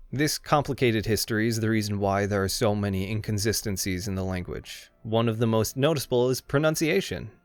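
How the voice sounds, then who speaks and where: A man's voice: lowish voice, no room sound. A man giving scripted comedic narration for a video essay, irreverent and sarcastic, swearing freely. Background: faint background music.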